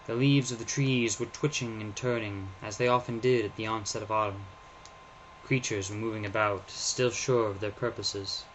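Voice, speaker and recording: A man narrating his own first-person story in a measured, subdued reading. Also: fairly low pitch, steady tone, slight background noise, rough recording.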